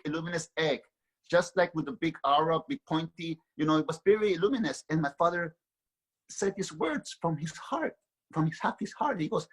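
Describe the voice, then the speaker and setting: A man's voice: on the high side, breathy edge, poor audio. A man, an author and guest, telling a spiritual story earnestly and repeating words as he builds his thoughts.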